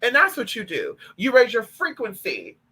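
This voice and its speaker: A high-voiced man talks on a live stream in a sassy, emphatic and profane way. His tone is bright and sharp, and he chats with his viewers in a spiritual practitioner's role. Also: huge pitch swings, moderate pace, husky, rough recording.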